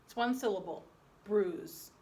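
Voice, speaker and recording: A woman teacher dictating a spelling lesson to young pupils, slowly sounding out each syllable. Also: medium pitch, mellow. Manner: slow, deliberate, sounding out syllables. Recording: echoey room.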